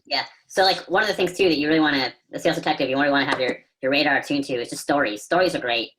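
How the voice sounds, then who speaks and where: A man's voice: on the high side, very fast, a bit bright, a little hiss or hum, rough recording. A man teaching as a guest instructor over a video call, conversational and storytelling, with fillers and the odd swear word. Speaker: copy chief and guest instructor. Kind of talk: casual teaching talk.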